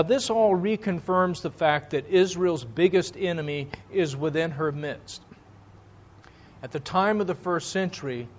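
A man preaches from the pulpit with a voice pitched a little above most men's. He speaks slowly and deliberately, pressing hard on the words he wants to land. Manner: slow, deliberate preaching with emphatic phrasing. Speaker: pastor. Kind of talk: sermon.

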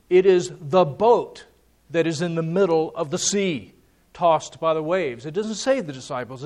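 A man preaching a sermon, emphatic and repeating key words for stress. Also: fairly high pitch.

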